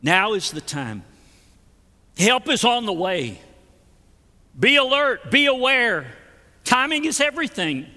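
A male preacher with an unusually high and piercing, brilliant voice delivers a sermon. He leans on repetition and folksy anecdotes to drive each point home. The sound carries a long, echoing reverb, as from a large hall. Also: very animated, slow, long pauses, bright, forceful tone. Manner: emphatic preaching with repeated phrases and folksy asides.

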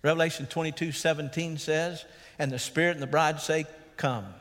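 A man's voice: on the high side, fairly even intonation, normal speed, fairly bright tone. A man, a pastor preaching an earnest sermon and calling out to the congregation. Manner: earnest preaching with calls of "Amen?". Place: church sanctuary. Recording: long church reverb.

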